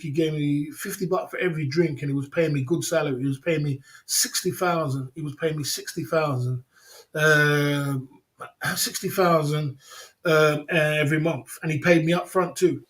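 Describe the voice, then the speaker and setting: Man, livestream host, rambling anecdotes, repeats himself, somewhat high voice. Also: steady tone, moderate pace. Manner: rambling, repeats phrases, laughs often. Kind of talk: casual storytelling.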